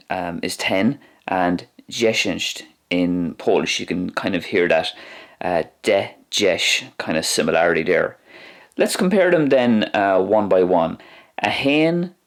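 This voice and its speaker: Slow, low-voiced man teaching words. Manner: pronounces words slowly and repeats them. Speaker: language teacher. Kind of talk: language lesson.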